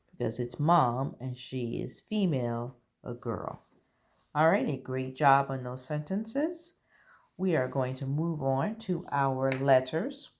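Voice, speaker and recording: A woman teaching a recorded early-grade reading lesson, slow and deliberate, encouraging the children. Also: a bass voice, darkish tone.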